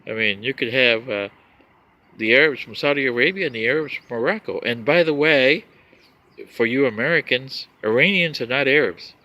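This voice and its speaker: A man's voice: mid-range voice, normal speed, pushed and bright. A man delivering a rambling, lecturing vlog monologue, addressing humans as an outsider, with scoffing asides. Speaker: vlogger.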